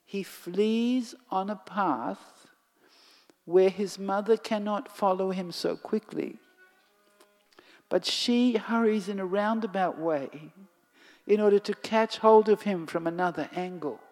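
A storyteller narrating a devotional tale slowly and expressively, sinking to a whisper at times. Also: mid-range voice, darkish tone. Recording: long hall reverb, faint music.

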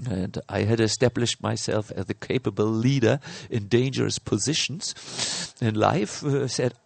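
Slow, halting middle-aged male preacher. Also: medium pitch, gravelly, no room sound. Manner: slow, halting, many fillers and restarts. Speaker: spiritual teacher. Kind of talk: sermon with personal story.

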